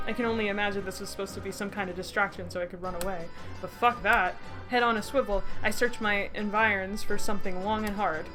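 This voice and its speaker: A young woman streams a story game, reading its narration aloud and breaking off with sweary, laughing reactions. Her voice is bright and sharp at a middling pitch, and faint music sits underneath. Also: fairly even intonation, fast. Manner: swears freely, bursts into laughter.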